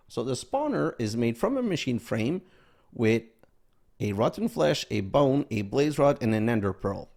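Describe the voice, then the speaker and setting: Gravelly man narrating his modded gameplay. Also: mid-range voice, a little mellow. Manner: thinks aloud, counts items under his breath. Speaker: gaming video host. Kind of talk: casual game commentary.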